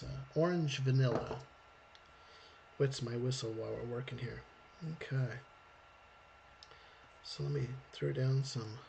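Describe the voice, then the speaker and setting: A gravelly, mid-pitched man hosts a casual live drawing stream, talking through each step as he sketches. His chatty delivery comes through a desk microphone, with a faint hiss of noise behind it. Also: a little mellow. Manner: chatty, thinks aloud while drawing, laughs often. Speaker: storyboard artist hosting a live stream.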